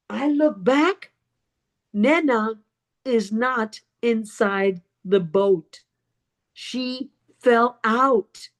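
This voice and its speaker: A woman gives a storytelling speech at a public speaking club, with a slightly high voice and an unhurried, deliberate pace. She leans into pauses and repeated words, and she voices the other people in her story. Her delivery is theatrical and emphatic. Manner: vivid storyteller who acts out other people's lines.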